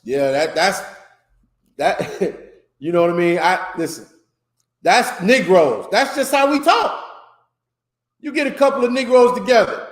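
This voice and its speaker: High-voiced man teaching in an echoey room. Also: lively intonation, unhurried, long pauses. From Florida. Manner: loose, rambling, emphatic street talk. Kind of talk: informal religious teaching class.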